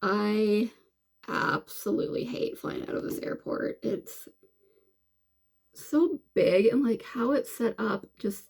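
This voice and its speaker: Woman vlogger, casual makeup chat, gravelly fry, rambling delivery. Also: medium pitch, expressive, takes it slowly, a little mellow. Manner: rambling, chatty, many fillers and restarts. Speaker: beauty vlogger.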